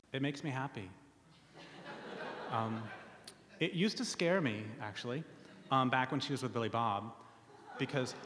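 A man's voice: mid-range voice, fairly bright tone. A man giving a public talk, earnest with wry asides and frequent ums. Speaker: speaker reading from his book. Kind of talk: public talk reading premises to an audience. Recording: long reverb of a hall.

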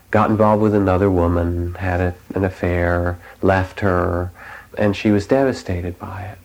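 A man teaching meditation, giving a reflective dharma talk in a gentle storytelling manner with soft pauses. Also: deep voice, creaky, rough recording.

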